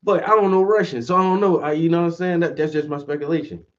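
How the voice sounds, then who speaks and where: A stream host with a slightly high voice delivers a quick-paced, casual rant full of profanity, his intonation fairly even as he acts out quoted voices. Audio is dull and picked up from a distance.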